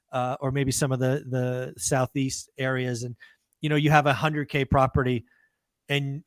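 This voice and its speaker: This man, a podcast host, speaks in a mid-range voice with no room sound. He runs a casual interview chat, upbeat and emphatic, talking straight to his listeners.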